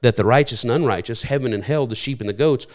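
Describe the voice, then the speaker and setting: Preaching at a fast clip in a medium-pitched voice, a middle-aged pastor tells his sermon like a conversation full of stories, restarting often as he goes.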